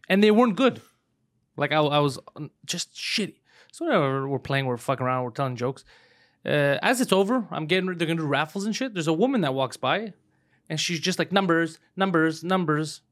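A man hosting a podcast, telling a story casually with lots of swearing and laughter. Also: fairly high pitch. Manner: profane, laughing, animated storyteller. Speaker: podcast host.

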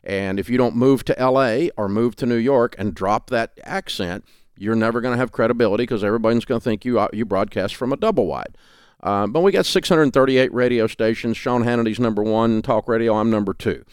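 A man's voice: mid-range voice, a little fast, smooth, no room sound, studio quality. A middle-aged man with a Tennessee Southern accent, talking in a folksy, emphatic way as an interview guest. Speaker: guest, radio talk host. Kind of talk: remote interview conversation. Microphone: remote call setup.

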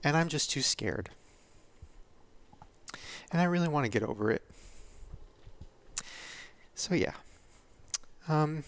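A man's voice: fairly high pitch, animated, slow pace, long pauses. A man in his thirties hosting a podcast, speaking candidly and vulnerably, tearful and laughing through it. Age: 30s. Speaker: podcast host. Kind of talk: confessional podcast monologue.

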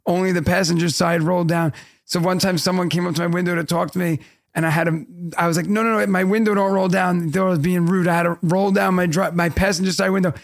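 A man in his thirties on a podcast, telling a relaxed, laid-back anecdote in casual chat. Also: high voice, quick pace, no room sound, studio quality.

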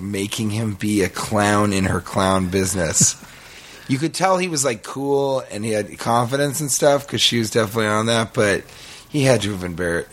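Rambling man telling a story. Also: fairly low pitch. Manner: rambling, animated storytelling with laughs. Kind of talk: casual podcast chat.

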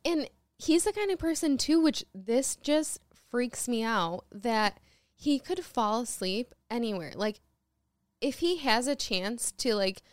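A woman's voice: fairly high pitch, takes it slowly, no room sound. Woman, young adult, podcast co-host, casual chat, dry close mic. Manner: animated storytelling, acts out quotes with laughter.

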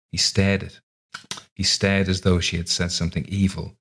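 A man with a deep, husky voice reads a story aloud. His narration is calm and measured, taking time over each scene. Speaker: reader. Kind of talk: scripted narration.

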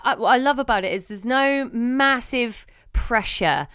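A woman's voice: a little high, a little slow, fairly bright tone, clean tone, no echo, studio quality. A young woman, co-hosting a podcast with gushing, effusive casual chat. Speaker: podcast co-host.

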